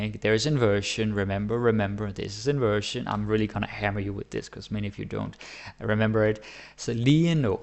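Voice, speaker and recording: A man talks through a language lesson in an easygoing, conversational way. His voice sits a bit low and has a gravelly, creaky edge. He keeps checking in with his listeners as he goes. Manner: relaxed, chatty, often asks "right?". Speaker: Danish language teacher. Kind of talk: casual explanatory lesson.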